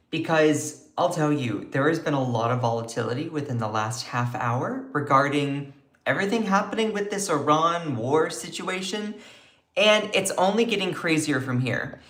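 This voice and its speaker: A woman's voice: low-pitched, roomy sound. A woman hosting a live-streamed news commentary show, chatty and opinionated, reacting to viewers as she talks. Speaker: host of a news commentary livestream.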